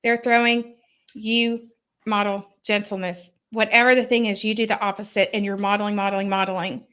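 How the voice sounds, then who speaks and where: A woman's voice: medium pitch, little pitch movement, quick pace, fairly bright tone, clean tone. A woman speaking as a parenting expert on a live stream, earnestly explaining with examples and sample scripts. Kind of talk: advice talk on a live stream. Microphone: online video call.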